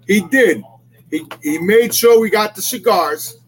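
A man co-hosting a casual podcast chat, telling stories loudly and profanely and acting out what other people said. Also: sits high, unhurried, slightly rough, rough recording. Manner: boisterous, profane storyteller acting out dialogue. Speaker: podcast co-host.

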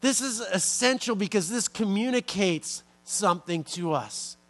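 A male pastor delivering a relaxed, conversational sermon with repetitions and asides. His voice is fairly high and his pace is slow and measured.

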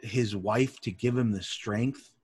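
A man co-hosting a podcast, talking earnestly and haltingly in casual chat. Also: fairly low pitch, a little mellow, husky, no echo. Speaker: podcast co-host.

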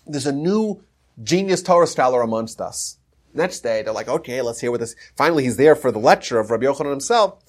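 A man hosting a podcast, retelling an old story in a casual lecture and slipping into the characters' quoted lines. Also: medium pitch. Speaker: podcast host teaching history.

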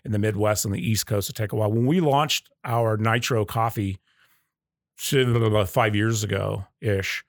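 Low-voiced man telling stories. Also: a little slow, no echo, studio quality. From Southern United States. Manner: storytelling, acts out customer quotes. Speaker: guest, coffee company leader. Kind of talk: casual podcast interview.

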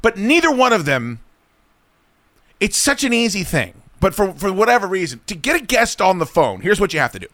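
A man's voice: high-pitched, big pitch swings, brisk, sharp tone, no room sound. A male radio host telling a profane, exasperated story in the studio, acting out other people's lines. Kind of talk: casual comic talk radio rant.

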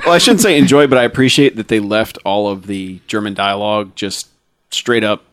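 A man's voice: lowish voice, fairly quick, fairly bright tone, no room sound. A man co-hosting a casual movie chat, recapping the plot with frequent chuckles. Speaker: podcast co-host.

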